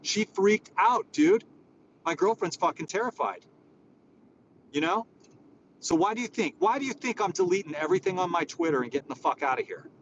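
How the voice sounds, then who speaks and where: A man's voice: high-pitched, lively intonation, normal speed, muffled recording, slight background noise. A man hosting a live audio chat, talking in a rambling, profane and exasperated way. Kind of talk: casual chat.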